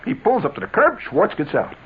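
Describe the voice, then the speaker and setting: A man with a husky voice tells a long, digressive story over the radio. His pitch swings widely as he talks. The sound is thin and phone-like, like an old 1970s broadcast. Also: a little fast. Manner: wry, animated, digressive. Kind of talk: rambling radio monologue.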